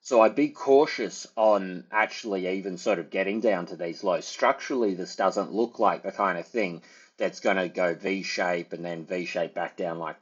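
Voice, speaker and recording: A man's voice: sits low, breathy edge, muffled recording. A man, giving casual, rambling market commentary as a trader, full of fillers and hedges. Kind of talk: casual market analysis over charts.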